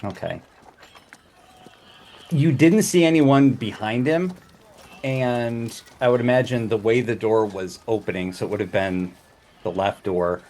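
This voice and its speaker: A man's voice: on the low side, measured pace, pauses often, a little mellow. A man narrating a tabletop game as game master, rambling with fillers and restarts. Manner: meandering, full of fillers.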